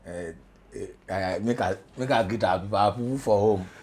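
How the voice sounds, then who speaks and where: A middle-aged man with a Nigerian accent, a journalism lecturer talking as a studio guest in pidgin, animated and emphatic. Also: lowish voice, normal speed, slightly rough. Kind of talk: studio talk show in pidgin.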